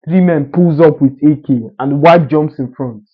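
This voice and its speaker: A man delivers a motivational monologue, assertive and lecturing, driving each point home. His voice sits slightly high. The recording is dull and lo-fi. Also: normal speed, husky. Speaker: social media commentator.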